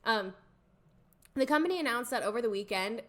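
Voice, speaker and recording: A woman's voice: on the high side, a little fast. Young woman co-host reading news. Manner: relaxed, reads news items aloud between banter. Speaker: podcast co-host. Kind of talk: casual chat.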